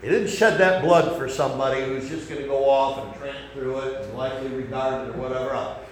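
A man preaching a sermon, folksy and conversational, swinging between loud emphasis and soft asides. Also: medium pitch, steady tone, a little fast, reverberant, a little hiss or hum, low-quality recording.

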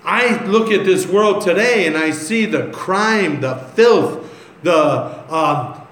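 A man's voice: high voice, expressive, slow, a bit bright. A man preaching a sermon, reading scripture aloud and then telling stories in a loose, conversational way. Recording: echoey room with faint ambience.

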